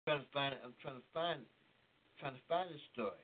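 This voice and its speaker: A man's voice: medium pitch, quick pace. A man co-hosting a casual political talk show, telling a story in disbelief and repeating himself for emphasis. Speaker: podcast co-host. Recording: tinny phone-like sound.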